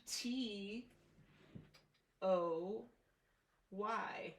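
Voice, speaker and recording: Female tutor, unhurried clear phonics drilling, recorded from across a roomy space. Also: medium pitch. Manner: patient, clear instructional prompting. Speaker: reading teacher. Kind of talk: one-on-one phonics lesson. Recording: roomy, distant mic with faint noise.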